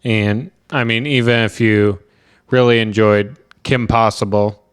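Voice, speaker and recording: A man's voice: lowish voice, steady tone, unhurried, smooth, no room sound, studio quality. A man co-hosting a podcast, laid-back and casual in his talk. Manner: laid-back, mostly short agreeing replies. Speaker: podcast co-host.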